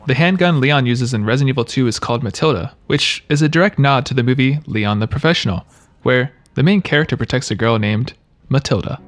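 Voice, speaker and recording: A man's voice: medium pitch, brisk, dry recording. A man giving scripted video-game trivia narration, with wry, joking asides.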